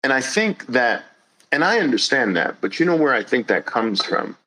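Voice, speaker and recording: A man's voice: medium pitch, very animated, moderate pace, sharp tone, low-quality recording. A man hosting a podcast, giving a blunt, passionate monologue with crude emphasis. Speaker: host.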